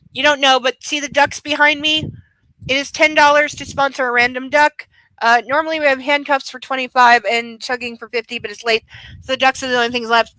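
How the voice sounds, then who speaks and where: A woman's voice: high-pitched, sharp tone, dry recording, poor audio. A woman hosting a live stream book club, chatting sarcastically and playfully. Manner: sarcastic, playful, coos at her dog. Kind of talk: casual live stream chat and reading aloud.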